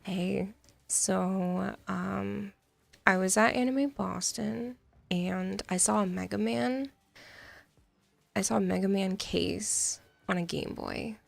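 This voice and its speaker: A woman's voice: mid-range voice, takes it slowly, vocal fry, dry recording. A young adult woman streaming from home on a studio mic, chatting casually and playfully, laughing often and teasing her chat. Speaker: game streamer. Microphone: studio mic with pop filter.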